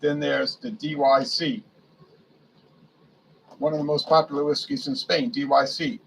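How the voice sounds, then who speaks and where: A gravelly, slightly high-voiced man reads his way down a liquor catalog. He talks to himself as he goes and trips over the foreign names. Faint noise sits behind him. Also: a little slow, poor audio. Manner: muses aloud, stumbles over foreign names. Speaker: beer and spirits reviewer. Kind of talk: casual reading aloud from a liquor catalog.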